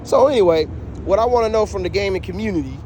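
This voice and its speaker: A man telling a story to the camera in a casual, animated rant. He swears a lot and keeps asking "you know what I'm saying". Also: high voice, fast, slight background noise.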